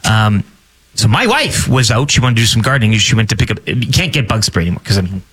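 A man's voice: lowish voice, big pitch swings, fast, a bit bright, slightly rough, rough recording. A man co-hosting a radio show in casual chat, chatty and giving tips.

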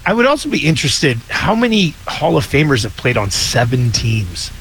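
A man's voice: medium pitch, big pitch swings, normal speed, a bit bright, a little hiss or hum, poor audio. A man hosting a casual sports radio show, joking, laughing often and reading out ads and listener texts.

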